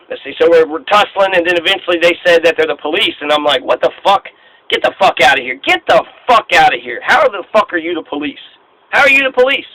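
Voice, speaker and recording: A man's voice: a little high, a bit bright, no echo, poor audio. A man giving a heated, profane, rambling monologue, full of fillers and restarts. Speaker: political commentator. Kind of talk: casual monologue.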